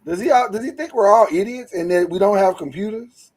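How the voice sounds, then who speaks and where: A man hosting a podcast in casual chat, animated and joking, with preacher-like flourishes. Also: high voice, fairly quick, slightly rough, low-quality recording. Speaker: podcast host.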